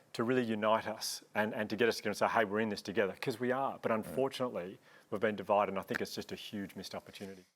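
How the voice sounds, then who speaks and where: Man panellist, lower voice, rapid earnest storyteller. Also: a bit bright.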